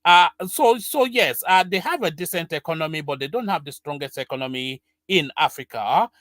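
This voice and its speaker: A male host gives reaction commentary in a musing, hesitant way, full of uhs. His voice sits a little high for a man. The sound is dry and close. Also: expressive, normal speed, fairly bright tone, dry recording.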